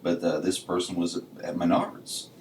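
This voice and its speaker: A man's voice: deep voice, little pitch movement, normal speed, a little mellow, a little hiss or hum. A man co-hosting a podcast, telling stories casually and saying "you know" all the time. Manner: says "you know" constantly, storytelling. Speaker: podcast co-host. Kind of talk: casual chat. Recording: distant mic in an echoey room.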